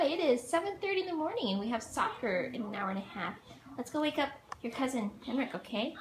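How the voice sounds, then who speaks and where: A woman's voice: fairly high pitch, lively intonation, quick pace, a little hiss or hum. A woman filming a home video at home, chattering in sing-song baby talk. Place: at home indoors.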